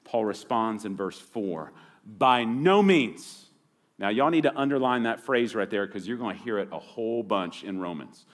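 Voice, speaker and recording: A man's voice: moderate pace, hardly any pauses. Male preacher, emphatic, big swings in volume, expository sermon delivery. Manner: emphatic, rising to loud punchlines and dropping low at phrase ends.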